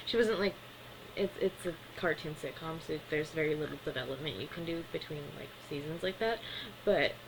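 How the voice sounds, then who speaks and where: A woman's voice: deep voice, moderate pace, background noise. A woman casually recapping a cartoon episode in a chatty way, with lots of filler words. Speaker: cartoon reviewer.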